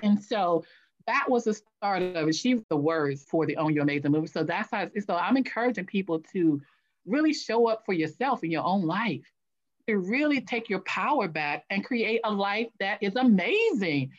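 Animated storytelling woman, lo-fi. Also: mid-range voice, normal speed. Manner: animated, acts out her own past voice. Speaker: guest, author. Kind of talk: interview storytelling.

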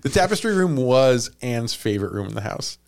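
A man hosting a comedy podcast, telling a story casually and in an animated way, with frequent laughs and jokey asides. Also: medium pitch, brisk, creaky, a little hiss or hum.

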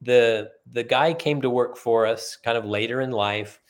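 Middle-aged male guest, earnest storyteller, mid-pitched voice, voices the people in his tale. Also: a little slow. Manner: earnest storyteller who acts out quoted dialogue. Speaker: podcast guest. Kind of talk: storytelling in conversation.

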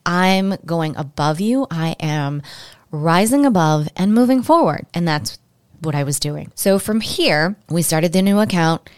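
A woman's voice: on the low side, a little slow, clear, resonant tone, no room sound. Emotional woman podcaster, dry close sound. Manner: candid, emotional, animated storytelling. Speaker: podcast host. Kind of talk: personal storytelling monologue.

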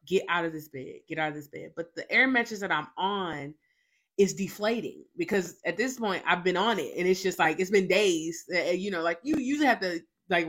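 A young woman shares a personal faith testimony as a show host. She talks emphatically, circling back with repeated fillers, in a slightly low voice. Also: a bit bright.

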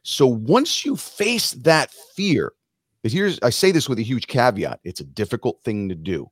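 A middle-aged man, a musician guest on a podcast, giving an animated motivational talk and acting out quotes in other voices. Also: mid-range voice, normal speed, husky, no echo.

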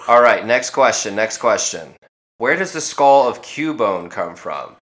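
A man's voice: medium pitch, expressive, unhurried, fairly bright tone, echoey room. A man co-hosting a casual podcast, reading quiz questions and joking crudely with his friend. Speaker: podcast co-host, quizmaster.

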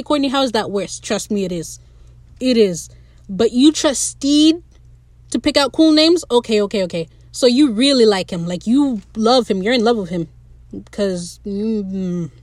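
Young woman, higher-pitched, gushing and playful, dry close sound. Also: a little mellow, no echo. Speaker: podcast host reviewing a show. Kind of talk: excited casual recap.

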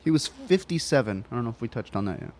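A man's voice: medium pitch, sing-song, fast, a little mellow. A man co-hosting a podcast, dropping dry, offhand remarks in casual banter. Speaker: podcast co-host.

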